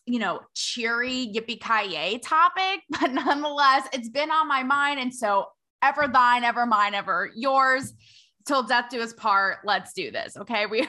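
A woman's voice: a little high, bright, forceful tone. A young adult woman hosting her own podcast, talking in a playful, rambling, self-mocking way. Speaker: podcast host. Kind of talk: casual solo podcast monologue.

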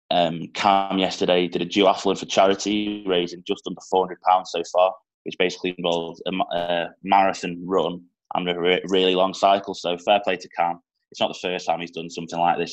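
A young man with a Manchester accent hosts a casual podcast interview in a low voice. He's chatty and informal, with small slips, and the recording is rough.

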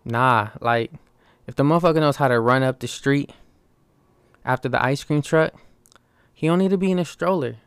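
A young man rants for laughs, swearing freely and tossing "right?" at his listeners between points. His voice is smooth and full at a middling pitch. The sound is dry and close to the mic. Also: normal speed, long pauses, dry recording. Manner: animated, swearing, keeps asking "right?". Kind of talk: profane comic rant.

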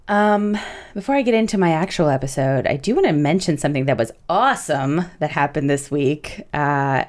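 A young woman with a low-pitched voice hosts a casual podcast. She talks in a loose, chatty way, swears freely, and often laughs through her asides. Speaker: podcast co-host.

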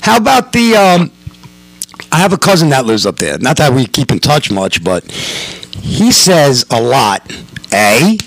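Loud, profane New York man hosting. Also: medium pitch, big pitch swings, unhurried, gravelly, dry recording. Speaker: podcast host. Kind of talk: casual podcast chat. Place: at home. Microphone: headphones and mixer.

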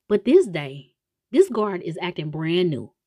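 Woman, casual comedic retelling, slangy asides, lively swinging pitch, dry close sound. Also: a little slow, slightly rough, dry recording. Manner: animated, slangy storytelling with many asides. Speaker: show recapper.

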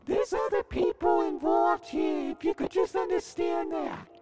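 A man voicing an anxious radio station producer with a Pittsburgh accent, talking slowly and pleading. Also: very high voice, loud music behind the voice. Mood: fussy. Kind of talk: improvised comedy podcast.

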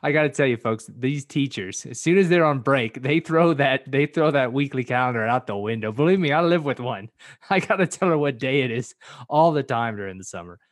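A man's voice: mid-range voice, animated, fairly quick, no room sound, clean studio sound. A man hosting a casual podcast, joking and rambling with lots of fillers. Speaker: podcast host.

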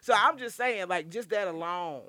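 A middle-aged woman, a guest poet, telling stories in casual podcast chat, animated, blunt and freely profane. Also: on the low side, moderate pace.

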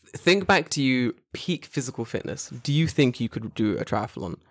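A man in his late twenties chatting casually as a podcast co-host. He tells stories in an animated way, swears freely and slips into acted-out voices of the people in them. His voice sits at an ordinary middle pitch and is recorded close and dry. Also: moderate pace, no echo. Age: 20s. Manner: animated storyteller, swears freely, acts out quotes. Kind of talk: casual chat.

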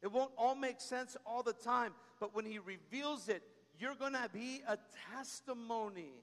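A man's voice: very high voice, moderate pace. A man preaching a sermon as pastor, exhorting the congregation with call-and-response. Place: church sanctuary. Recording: long reverb of a large hall.

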